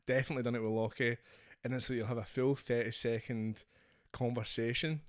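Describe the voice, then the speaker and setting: A man's voice: medium pitch, level tone, a little fast. Scottish man, comedian guest, mumbly and sweary, easy chat. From Scotland. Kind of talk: casual podcast chat.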